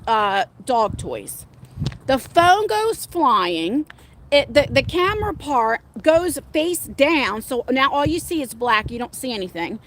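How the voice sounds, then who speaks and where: Middle-aged woman, high voice, live-streaming outdoors on a phone at arm's length; rambling, excitable chat with traffic rumbling behind. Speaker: livestream host. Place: outdoors on a walk by a pond. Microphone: phone held at arm's length.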